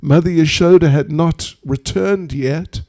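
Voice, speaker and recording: A man's voice: fairly high pitch, measured pace, dark tone. A man, a spiritual teacher, telling a devotional story to an audience with humorous, chatty asides.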